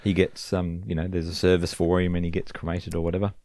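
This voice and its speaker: Low-voiced man co-hosting a podcast. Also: completely flat delivery, quick pace, mellow, no room sound, studio quality. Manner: chimes in with short agreements and side comments. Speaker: podcast co-host. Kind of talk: casual chat.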